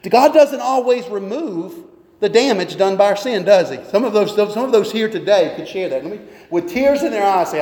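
A man's voice: sits high, animated, normal speed, darkish tone. A man, a pastor, preaching a sermon with earnest emphasis and pointed rhetorical questions. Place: church sanctuary. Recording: echoey long reverb of a church hall.

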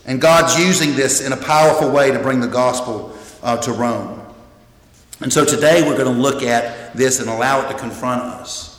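A man's voice: medium pitch, normal speed. A man preaching a sermon as pastor, earnest and emphatic, often repeating and restarting phrases. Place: church sanctuary. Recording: echoey hall with long reverb.

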